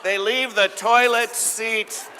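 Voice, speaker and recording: A man giving a live keynote talk, playful and joking, getting the audience to shout out answers. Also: extremely high pitch, steady tone, slow pace, crowd noise, noisy background. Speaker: keynote speaker. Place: large event hall with audience. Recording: live hall with reverb.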